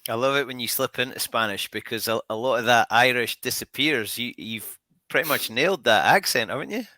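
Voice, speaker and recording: A man hosts a podcast, asking short, friendly questions in a casual conversation. His voice is bright and sits mid-range, recorded dry and close with no room sound. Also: medium pitch, brisk, no echo. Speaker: podcast host. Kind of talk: casual chat.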